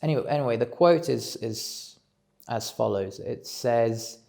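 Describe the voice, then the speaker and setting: A man at home giving a reflective solo talk, measured and musing as he thinks aloud. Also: medium pitch, creaky, mellow. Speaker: speaker on self-development.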